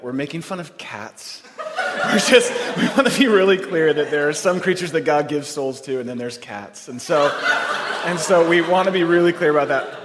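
Joking pastor in a reverberant hall. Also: male voice, on the high side. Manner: joking, conversational, quick asides to the crowd. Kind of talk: sermon. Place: church hall.

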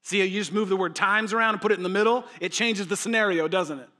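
A man's voice: high-pitched, quick pace, bright, forceful tone. A man preaching a sermon as pastor, emphatic and conversational, repeating phrases for effect and joking with his listeners.

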